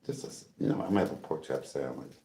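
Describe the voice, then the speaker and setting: A man's voice: extremely low pitch, fast talker, warm tone, reverberant. A man cooking in his home kitchen for a casual vlog, chatting and calling out to his viewers as he seasons his food. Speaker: cooking vlogger.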